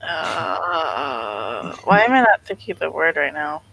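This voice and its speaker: A woman from the United States playing in a tabletop game, chatting in a giggly, animated way. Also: low-pitched, takes it slowly, vocal fry, poor audio. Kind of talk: casual chat.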